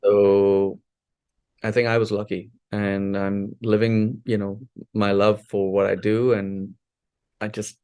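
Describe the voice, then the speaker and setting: A man in his forties from India, a podcast guest telling stories of his life in a lively, filler-heavy way. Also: fairly low pitch, slow, clear, resonant tone. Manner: animated storyteller, many fillers and restarts. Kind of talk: casual interview storytelling.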